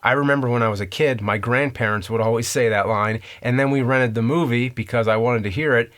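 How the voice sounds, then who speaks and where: A man's voice: mid-range voice, brisk, a bit bright. A man in his thirties talks through movie trivia in a scripted commentary. His voice sits in an ordinary middle register, and he explains things in a conversational, dryly amused way. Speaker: host.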